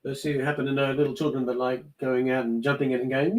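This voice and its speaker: A man's voice: mid-range voice, flat delivery, quick pace, a little hiss or hum. A man making dry, teasing remarks from off to the side.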